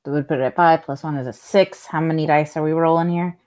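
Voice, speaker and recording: A woman running a tabletop game as game master, matter-of-fact and quick to laugh. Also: deep voice, fairly even intonation, a little mellow.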